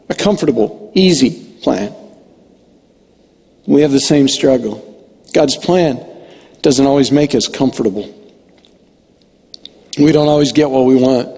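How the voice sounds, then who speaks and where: A man's voice: a little high, a little mellow, slightly rough, long reverb tail. A man preaching a sermon to children, with emphatic, conversational teaching. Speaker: children's pastor.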